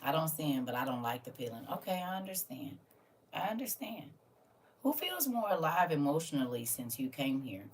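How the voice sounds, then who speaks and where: This woman teaching a class on a casual livestream has a low voice with big pitch swings at a moderate pace, sounding far from the mic. She's sassy and preachy, teasing her chat and breaking into loud scolding.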